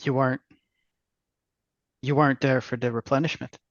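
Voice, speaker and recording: A man's voice: mid-range voice, flat delivery, moderate pace, dry recording. A man playing his character in a tabletop game, speaking tersely and grimly in few words. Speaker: player. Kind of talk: in-character tabletop role-play. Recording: dry, dull lo-fi mic.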